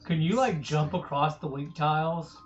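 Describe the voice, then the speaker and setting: A man's voice: a little high, normal speed, faint music behind. A man playing a tabletop game, easygoing and wry. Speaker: player. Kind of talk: casual tabletop play. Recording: echoey room on a muffled mic.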